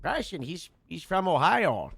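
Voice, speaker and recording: A man's voice: on the high side, very animated, a little slow, vocal fry, a bit bright, husky, no echo. A man playing a police captain in a roleplay game, chatting casually and bantering with his team. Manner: joking, bantering. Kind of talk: casual in-character roleplay chat.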